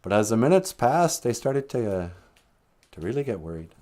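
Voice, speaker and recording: A man telling a traditional story in a relaxed, conversational way, with dramatic drops in volume. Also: medium pitch, normal speed. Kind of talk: live-streamed oral storytelling.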